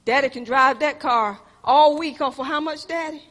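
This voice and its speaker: Woman preacher, sermon, high voice, echoing hall. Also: moderate pace. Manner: animated, swings from loud exhortation to hushed storytelling; addresses the congregation as "y'all". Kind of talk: sermon with personal storytelling.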